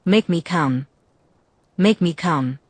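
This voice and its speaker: A woman voicing a proud, anguished young vampire woman in a storybook reading, kept low and restrained. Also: expressive, slow pace, breathy edge, dry recording, heavily acted. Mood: desperate.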